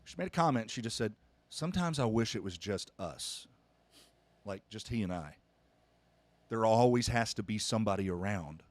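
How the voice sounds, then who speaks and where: On his podcast, a middle-aged pastor earnestly shares a family story, frequently starting over mid-thought. He has a lowish voice with lively intonation, talks at a moderate pace, and pauses often in this casual conversation.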